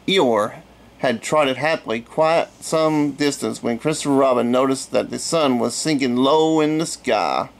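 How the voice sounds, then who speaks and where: A middle-aged man reading a children's storybook aloud in a relaxed way, with chatty asides. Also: medium pitch, a little slow, vocal fry.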